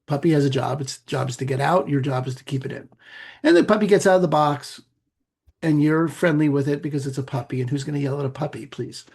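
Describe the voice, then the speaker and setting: Casting: middle-aged man, husky gravelly voice, a little high, loose explainer as interview guest. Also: fast talker. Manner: gravelly, husky, animated with playful asides. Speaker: meditation teacher, podcast guest. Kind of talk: conversational explaining.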